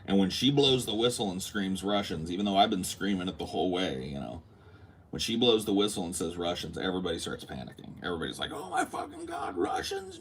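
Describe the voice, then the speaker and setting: Podcast host, male, very deep voice, animated casual storyteller who swears. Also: a little hiss or hum. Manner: animated, acts out quotes, swears freely.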